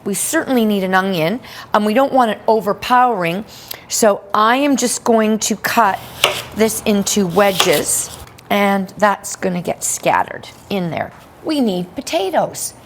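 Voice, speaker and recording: A woman's voice: medium pitch, expressive, measured pace, noisy background. A woman giving an upbeat cooking demonstration in a kitchen, chatting with playful asides.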